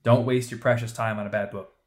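A man's voice: medium pitch, level tone. Punchy, emphatic male podcast host. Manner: emphatic, punchy advice-giving with quick asides. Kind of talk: casual podcast chat.

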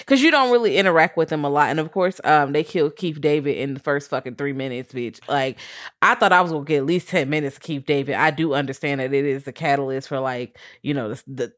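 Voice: mid-range voice, a little fast, a bit bright, dry recording, studio quality. A podcast co-host in a casual movie review chat, talking in a blunt, profane, joking way.

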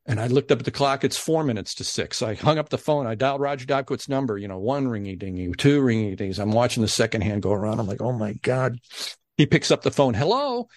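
A man who is a guest on a podcast, telling a story in a casual, animated way and acting out the people he quotes. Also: medium pitch, quick pace, hardly any pauses, no echo, studio quality.

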